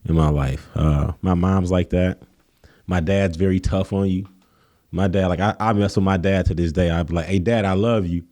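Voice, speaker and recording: This guest, a college coach from Kenosha, Wisconsin, tells stories in a casual interview, easygoing yet animated. His voice is fairly low, dark and mellow at normal speed, and he jumps higher and louder when acting out the people in his stories.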